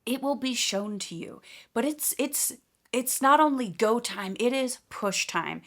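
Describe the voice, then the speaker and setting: A woman's voice: fairly high pitch, unhurried. A woman giving a casual, enthusiastic spiritual update, talking emphatically with fillers and light laughs.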